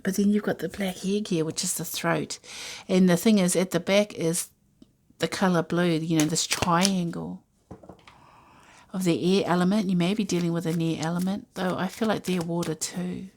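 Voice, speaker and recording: A woman's voice: on the low side, fairly even intonation, moderate pace, a little mellow, slight background noise. A woman giving a casual intuitive tarot reading, musing aloud with many fillers and asides. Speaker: tarot reader.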